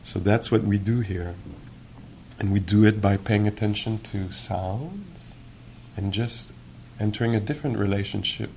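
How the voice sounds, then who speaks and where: A man giving a meditation teacher's dharma talk in a gentle, reflective, musing way, with many pauses. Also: fairly low pitch, creaky, a little hiss or hum. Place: retreat hall.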